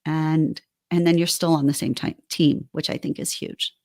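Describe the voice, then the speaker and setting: A woman co-hosting a relationship podcast, giving casual advice and acting out gentle, soothing phrases. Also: sits low, moderate pace, creaky, no room sound, studio quality. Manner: animated, acts out kind soothing phrases.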